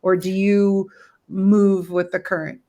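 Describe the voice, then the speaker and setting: A woman hosting a podcast chats over a video call. She talks in an animated, gushing way and drops a swear word now and then. Her pitch sits in a middling range. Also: slow. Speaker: podcast host. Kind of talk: casual chat.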